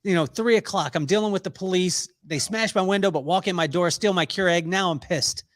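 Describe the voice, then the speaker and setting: A middle-aged man with a high voice tells a story as a podcast guest. He is animated, laughs often and acts out the people he quotes. The sound is close and dry, with no room in it. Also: fairly quick, dry recording. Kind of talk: storytelling in a casual interview.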